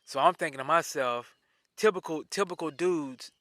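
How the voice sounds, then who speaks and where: A man telling a personal story in a casual, animated way, often repeating himself. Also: a little high, normal speed, no echo.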